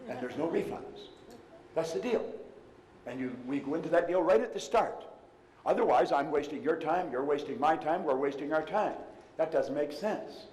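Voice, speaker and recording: A man's voice: on the high side, expressive, moderate pace, a little mellow. An older man giving an emphatic motivational seminar talk to a live audience, telling stories with retold dialogue. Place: large room before a live audience. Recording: long hall reverb.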